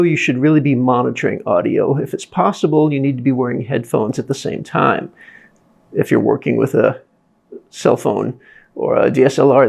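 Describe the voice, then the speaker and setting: In an air-conditioned classroom, a video production teacher with a medium-pitched, creaky, slightly mellow and husky voice walks through a methodical demonstration and poses questions to the viewer. The audio comes from lavalier, shotgun and camera mics at changing distances, with faint room noise plus air conditioning hum and a soft cooling fan.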